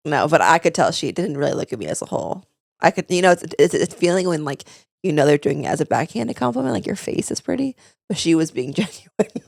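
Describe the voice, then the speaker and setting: A young woman co-hosts a podcast in a chatty, animated storytelling manner. Her voice sits a little low and has a gravelly fry. She talks quickly, and the sound is dry and close. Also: no room sound. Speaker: podcast co-host. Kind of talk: casual chat.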